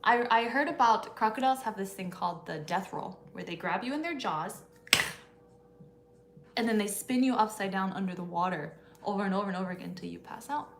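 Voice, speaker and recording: A woman's voice: mid-range voice, fairly quick, vocal fry, reverberant, slight background noise. A woman co-hosting a casual livestream Q&A, playful and laughing often. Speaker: livestream co-host.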